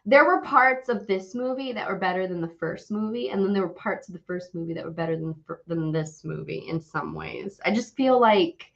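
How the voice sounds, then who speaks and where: A young adult woman co-hosting a podcast in casual chat, animated and swearing often as she rants. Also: fairly low pitch, brisk, creaky, few pauses. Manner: animated, swears often, laughs while ranting. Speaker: podcast co-host. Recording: dull lo-fi audio.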